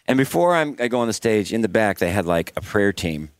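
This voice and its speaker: Lower-voiced man telling a story. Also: brisk, no room sound. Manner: animated storyteller, laughs often. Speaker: podcast host and performer. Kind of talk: casual chat and storytelling.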